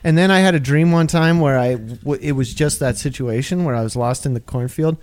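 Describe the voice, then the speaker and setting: A man's voice: medium pitch, fairly quick, a little mellow. A man co-hosting a casual podcast chat, telling stories playfully. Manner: playful storytelling. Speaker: podcast co-host.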